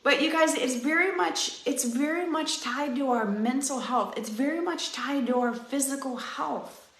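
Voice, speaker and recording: A woman's voice: high-pitched, unhurried. A woman in her thirties, a fitness coach, giving an earnest, chatty pep talk to her live-stream viewers and speaking right to them. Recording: roomy echo.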